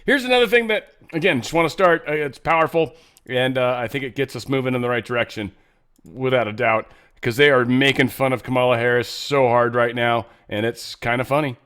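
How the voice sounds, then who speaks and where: A man's voice: medium pitch, fairly quick, a bit bright, clear, resonant tone. Chatty man hosting a commentary show. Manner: chatty, loose, many fillers and asides. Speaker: show host. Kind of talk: casual commentary.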